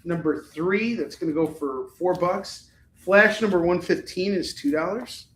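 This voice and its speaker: A man's voice: sits high, unhurried, a bit bright, a little hiss or hum. Man casually selling comics on stream. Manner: casual and rambling, swears freely. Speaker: live shopping stream host selling comics. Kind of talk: casual live-stream sales chat. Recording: echoey room.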